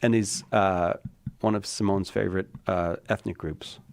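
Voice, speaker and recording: A man's voice: sits low, steady tone, normal speed, gravelly, clean tone, no room sound. A man hosting a call-in radio show, chatty, laughing often and trailing off mid-sentence. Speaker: radio host. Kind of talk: casual radio talk.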